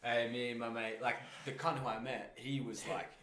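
A man's voice: medium pitch, fairly even intonation, moderate pace, fairly bright tone, reverberant, a little hiss or hum, low-quality recording. A man with an Australian accent hosting a podcast, telling a story in a rambling, sweary way full of "like". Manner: rambling, swears freely, lots of "like". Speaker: podcast host. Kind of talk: casual chat.

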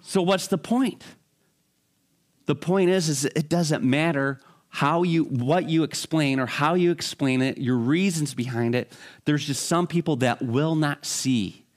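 A man with a slightly higher voice delivers a sermon as a Bible teacher. He talks in a relaxed, conversational way, pausing with fillers and restarting his phrases as he explains. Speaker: preacher.

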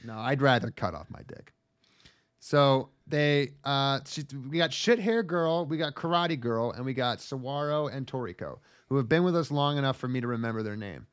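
A man's voice: mid-range voice, lively intonation, normal speed, clear, resonant tone, no room sound, clean studio sound. A man co-hosting a casual anime recap, sarcastic and profane, slipping into silly voices to act out scenes. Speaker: podcast co-host.

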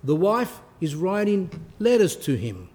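A man who is a priest, giving an earnest sermon with pauses for emphasis. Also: high voice, very animated, darkish tone. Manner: earnest, pausing to stress points.

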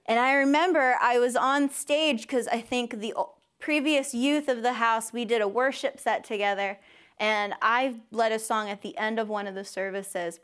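A young woman with a fairly high voice gives a personal testimony to a church congregation. She is openly emotional and close to tears at times. She acts out the people she quotes with sudden high jumps in pitch. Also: normal speed, fairly bright tone, clean tone. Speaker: speaker at a church service.

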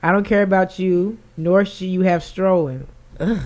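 A woman's voice: takes it slowly, long pauses. Brash, profane young woman podcaster. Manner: brash, profane, loud jumps into high squeals. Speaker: podcast host. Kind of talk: casual chat, reading messages aloud.

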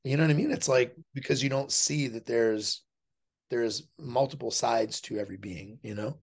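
A podcast guest who is a fighter and dog trainer speaks at normal speed in a medium-pitched voice with vocal fry and a breathy edge. In this casual interview he's blunt and profane, often acting out other people's voices to explain his point.

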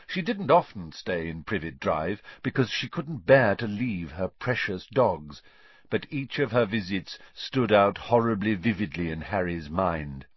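A man narrating an audiobook in an expressive storytelling manner. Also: lowish voice, measured pace, slightly rough, no echo. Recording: dull, dry recording.

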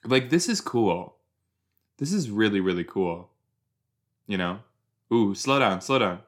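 Unhurried, chatty young man reacting. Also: lowish voice, animated. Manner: chatty, self-deprecating, rambling with fillers. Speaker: podcast host. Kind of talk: casual watch-along commentary.

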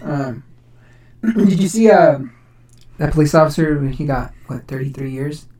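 A man with a deep, raspy voice chatting casually on a podcast, laid-back and swearing a lot. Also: measured pace, warm tone. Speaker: podcast guest. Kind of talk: casual chat.

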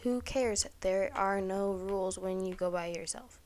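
A woman's voice: mid-range voice, a little slow, darkish tone. A young woman hosting a casual solo podcast, rambling with lots of "like" and frequent swearing. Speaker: podcast host.

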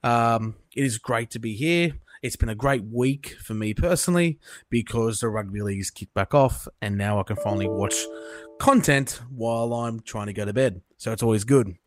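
A man's voice: mid-range voice, normal speed, soft background music. A young Australian man hosting a casual podcast, blunt and crude, swearing freely. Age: young adult. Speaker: podcast host.

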